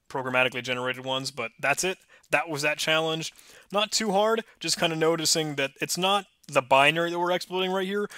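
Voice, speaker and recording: A man walks through a coding exercise in a loose, self-deprecating chat that is often sheepish and apologetic. His voice is bright and forward, and the sound is close and dry from a desk microphone. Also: medium pitch, no room sound. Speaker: tutorial host. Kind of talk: screen-recorded coding tutorial.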